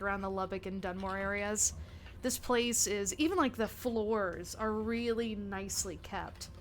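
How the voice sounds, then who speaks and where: A woman's voice: medium pitch, a little hiss or hum. A young woman narrating a tabletop game as game master, chatty with many fillers and restarts.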